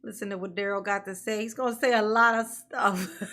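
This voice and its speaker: A woman's voice: mid-range voice, moderate pace, pushed and bright. A woman hosting a casual livestream, greeting her viewers by name, laughing often and calling them honey and baby. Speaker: livestream commentary host.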